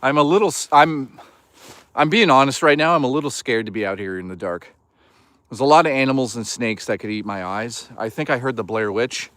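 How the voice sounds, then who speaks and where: A man's voice: mid-range voice, brisk, fairly bright tone, no room sound. A man live-streaming from a woodland hike, rambling and swearing as he jokes and reads chat. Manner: rambling, profane, jokey. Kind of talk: casual live-stream chatter.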